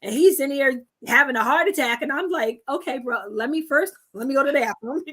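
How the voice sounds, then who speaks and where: A woman hosting a talk show, telling a personal story in an expressive way, acting out what others said and laughing as she goes. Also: sits high, moderate pace. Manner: expressive, acts out quoted voices, laughs through stories. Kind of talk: conversational interview storytelling.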